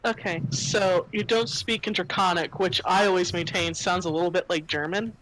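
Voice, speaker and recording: A woman running a tabletop game as game master, narrating scenes in an unhurried, descriptive way with fillers. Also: fairly low pitch, steady tone, a bit bright, a little hiss or hum, poor audio.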